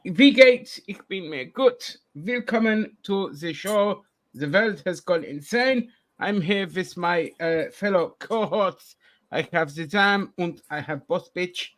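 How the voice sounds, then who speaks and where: A man doing a mock-pompous German-accented show host, loud and theatrical in his greetings. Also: high-pitched, lively intonation, fast talker.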